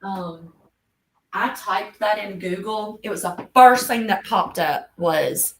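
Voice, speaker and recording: Woman, 50s, livestream host, unhurried, gravelly voice, emphatic. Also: medium pitch, rough recording. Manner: blunt, scolding, emphatic. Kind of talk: casual livestream chat.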